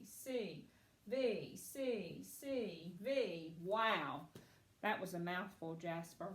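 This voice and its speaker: A woman teaching a phonics lesson to children, patient and encouraging, speaking slowly and clearly. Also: mid-range voice, reverberant.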